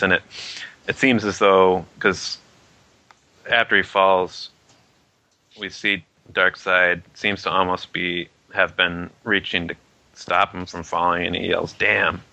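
Low gravelly man talking comics. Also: flat delivery, pushed and bright, no echo, low-quality recording. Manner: rambling, halting with fillers. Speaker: comic book podcast co-host. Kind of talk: casual discussion.

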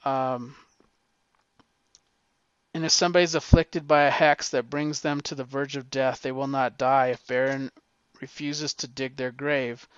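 A man's voice: medium pitch, flat delivery, unhurried, clear, resonant tone, dry recording. Profane, rambling middle-aged man telling stories. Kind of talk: casual storytelling monologue. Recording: dull lo-fi recording, dry.

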